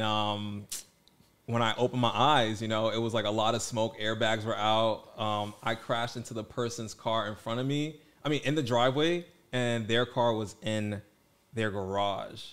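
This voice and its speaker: A young man co-hosting a casual podcast, an animated, playful storyteller who gets defensive when teased. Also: on the low side, normal speed, clean tone. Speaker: podcast co-host. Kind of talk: casual chat.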